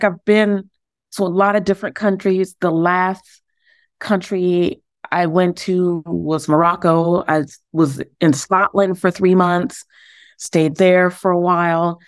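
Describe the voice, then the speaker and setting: Low-voiced easygoing woman from the Bronx. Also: no echo, clean studio sound. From the Bronx, New York. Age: late 30s. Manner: easygoing, candid, self-deprecating. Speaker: podcast guest. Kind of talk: casual interview chat.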